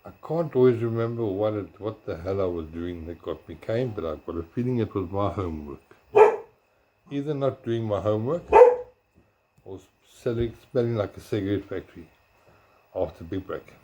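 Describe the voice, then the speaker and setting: A man rambling through school memories with a low, mellow, husky voice. He often stops to correct himself and talks softly at times. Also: expressive, normal speed, low-quality recording. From South Africa. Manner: rambling, self-correcting, searches memory aloud. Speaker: blogger. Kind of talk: casual storytelling.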